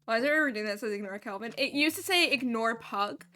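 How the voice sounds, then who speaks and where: A woman's voice: fairly high pitch, fast, pushed and bright, faint music behind. A woman streaming a cozy game, chatting in a playful, silly, giggly way. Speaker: gaming streamer. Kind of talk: casual live-stream chat.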